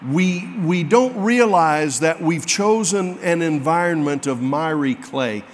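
A man's voice: a little high, slow pace, a little hiss or hum. A man preaching a sermon, telling a folksy, self-mocking story to his congregation. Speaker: pastor. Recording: long hall reverb.

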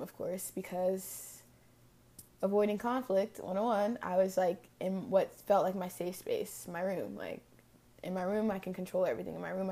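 A woman's voice: mid-range voice, mellow. Reflective young woman telling a personal story. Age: early 20s. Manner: casual, reflective, frequent "like" fillers. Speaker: podcast host.

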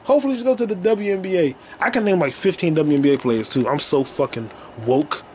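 A man in his twenties hosting a solo comedy podcast from his childhood bedroom, rambling and profane, now and then breaking into loud shouting. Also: fairly high pitch, fast, a little hiss or hum. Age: 20s. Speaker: podcast host.

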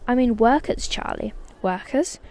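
Lady doing an old grandpa spinning a tale, storybook, fairly high voice. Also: measured pace. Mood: storytelling. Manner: animated storytelling, sometimes dropping to a hushed whisper.

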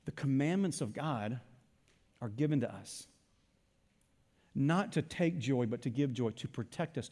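A man preaching a sermon in an animated way, voicing imagined listeners and asking the congregation questions. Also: mid-range voice. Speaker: pastor. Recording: long hall reverb.

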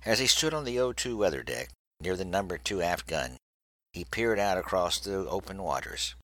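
A man reading a naval story aloud in a steady, measured way. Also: deep voice, no room sound, low-quality recording. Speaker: narrator.

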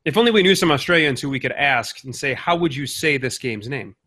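A man's voice: mid-range voice, expressive, fairly quick, sharp tone. A man from Minnesota co-hosting a podcast, chatting casually and teasing his co-host. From Minnesota, USA. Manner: teasing, joking banter. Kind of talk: casual chat. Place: suburbs of Minnesota.

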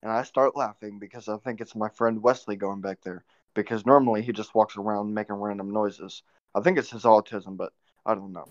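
A man's voice: on the low side, fairly even intonation, brisk, no echo. Rambling young man telling a story. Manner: rambling, profane, laid-back. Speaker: podcast host. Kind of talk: casual storytelling. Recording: dull, dry lo-fi recording.

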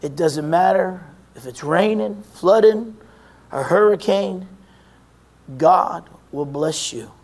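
High-voiced preacher, emphatic and shouting. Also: male voice, slow. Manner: emphatic, rising to shouts, then dropping low; repeats phrases, asks and answers his own questions. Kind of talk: sermon.

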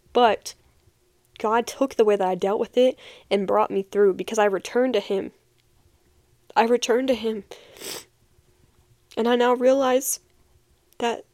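A young woman who hosts a podcast shares a heartfelt personal faith testimony, speaking earnestly and repeating key phrases for emphasis. Her voice is fairly high and a little mellow, captured with clean studio sound and no room sound.

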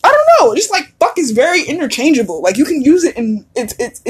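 A woman's voice: high-pitched, very animated, brisk. A woman hosting a casual solo podcast, chatty and laughing often, swearing freely as she talks. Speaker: podcast host.

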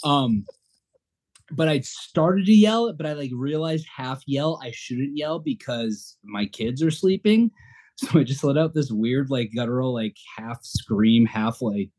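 A middle-aged man hosts a podcast in casual conversation, laughing at himself and rambling with plenty of fillers. His voice is medium-pitched, animated, and darkish, and he talks a little slowly.

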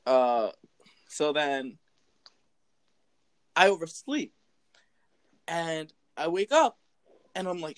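Upbeat man telling a story, higher voice. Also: moderate pace, pauses often. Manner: lively, acts out quoted voices. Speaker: storyteller recounting a school memory. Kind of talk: casual chat, animated storytelling.

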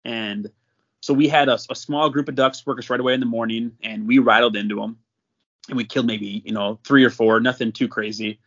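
Brief: young man, casual storyteller, mid-pitched, laughing often, muffled lo-fi audio. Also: a little fast. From North Dakota. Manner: animated, laughs often while telling. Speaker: podcast guest.

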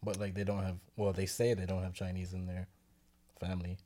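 A laid-back young man in casual conversation, working through his points with plenty of fillers and restarts. His voice sits on the low side. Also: little pitch movement, brisk, dark tone. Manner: laid-back, explains at length with many fillers. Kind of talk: casual chat.

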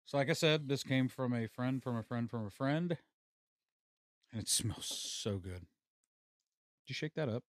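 A man's voice: medium pitch, a little slow, long pauses, dry recording, clean studio sound. A man hosting a casual podcast chat, laid-back and swearing freely. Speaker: podcast host. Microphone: studio mic.

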